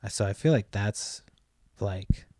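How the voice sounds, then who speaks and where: A young man's lowish, dark voice comes across a little slow on this dry, clean studio recording. Hosting a podcast, he spins a long, rambling tale, swearing often and trailing off with "like" and "blah, blah."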